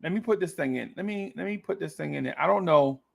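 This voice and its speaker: High gravelly man, repeats himself. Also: quick pace. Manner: repeats phrases, reads viewer comments aloud; playful, laughs easily. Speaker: host of a fan talk stream. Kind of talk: casual live-stream chat.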